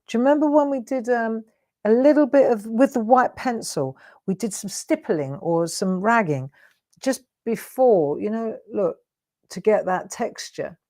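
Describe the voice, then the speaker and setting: A woman's voice: a little high, animated, measured pace, mellow. A middle-aged woman hosting a live craft demonstration, talking viewers through her coloring in a chatty, coaxing way. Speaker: craft show host.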